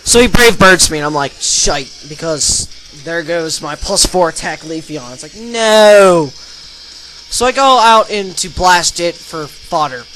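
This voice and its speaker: A young man narrating his online game battles as a channel host, energetic and breaking into loud excited shouts. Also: a little high, normal speed, few pauses, low-quality recording. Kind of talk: excited battle commentary over gameplay video. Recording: voice-over with faint background music.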